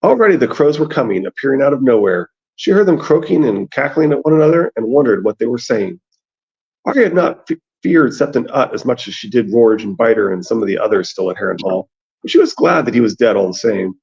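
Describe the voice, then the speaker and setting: Gravelly man reading and chatting. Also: mid-range voice, expressive, a little fast, darkish tone. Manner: reads aloud, then chats about the text. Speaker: podcast host reading aloud. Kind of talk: casual book discussion and reading aloud. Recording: dull lo-fi sound.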